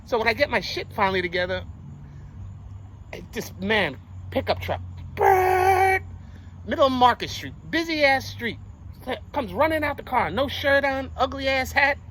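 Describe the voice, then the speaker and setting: A young man telling a story to his viewers in casual street slang, animated and full of swearing. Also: very high voice, normal speed, a little hiss or hum, poor audio. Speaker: vlogger.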